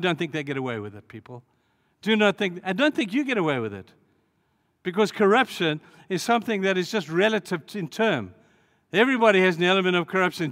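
Male pastor, high voice, dramatic storyteller, big reverberant hall. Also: a bit bright. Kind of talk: sermon.

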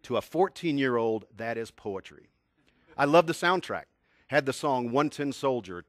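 Fifties guy from tennessee giving a motivational talk, lively storyteller, dry close sound. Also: medium pitch, normal speed, no echo. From Tennessee, USA. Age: 50s. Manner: animated storyteller, asks the audience questions. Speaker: communication skills speaker.

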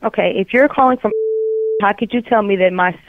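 A woman's voice: medium pitch, brisk, heavy background noise. A woman manager on a phone call, stern and then dismissive toward the caller. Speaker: business manager. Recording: tinny phone line.

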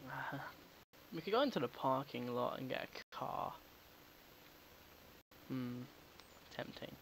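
A man's voice: medium pitch, animated, slow pace, fairly bright tone, slight background noise, rough recording. A man giving casual, jokey commentary while playing a video game at home, talking back to the characters and swearing now and then. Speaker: gaming video host. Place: home recording setup.

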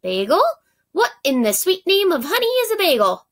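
A woman voicing a friendly woman beekeeper in a storybook, speaking in a warmly puzzled way. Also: fairly high pitch, normal speed, gravelly.

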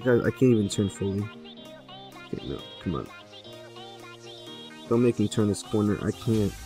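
A young man giving gameplay commentary, excitable, jumping from loud outbursts to low mumbling. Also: normal speed, soft background music. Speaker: gaming YouTuber.

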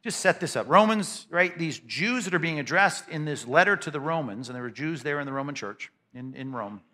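Animated, bright-voiced preacher man. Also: on the high side. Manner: emphatic, conversational, with quick stammered repeats. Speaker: pastor. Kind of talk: sermon. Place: church sanctuary before a congregation.

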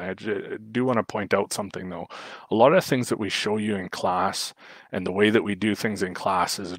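A man talks through puppy-raising advice on a live stream, his low voice recorded dry and close with no room sound. He explains patiently, stopping often for fillers and restarting his sentences. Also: fairly bright tone, dry recording. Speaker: dog trainer. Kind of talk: livestream Q&A talk.

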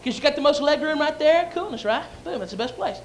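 A man's voice: extremely high pitch, lively intonation, quick pace, slight background noise. A young man, telling brash, rowdy stories as a stand-up comedian and MC on a comedy club stage. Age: young adult.

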